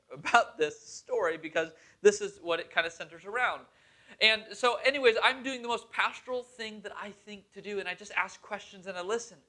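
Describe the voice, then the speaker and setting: Man, twenties, pastor, sermon storytelling, high voice, bright tone, earnest and conversational. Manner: earnest, conversational, with a laugh now and then.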